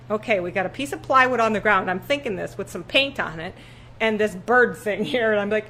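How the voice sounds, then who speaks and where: Middle-aged woman telling a lively story. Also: brisk, slight background noise. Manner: animated, acts out quoted voices with big pitch jumps. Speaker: podcast guest, artist. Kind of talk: storytelling in conversation. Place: room with her paintings on the walls.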